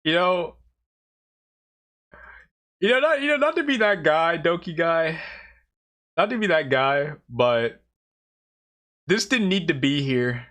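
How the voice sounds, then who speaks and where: A man's voice: on the high side, lively intonation, slow, pauses often, fairly bright tone. A man streaming a game, joking in slangy casual commentary and laughing often. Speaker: gaming streamer. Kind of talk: casual commentary while playing.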